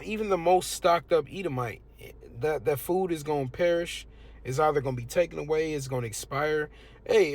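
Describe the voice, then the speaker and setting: A man's voice: fairly high pitch, gravelly. A young man, preaching in a casual, emphatic and conversational way. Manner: conversational, emphatic, lots of "you know what I'm saying". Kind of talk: casual street-preaching talk.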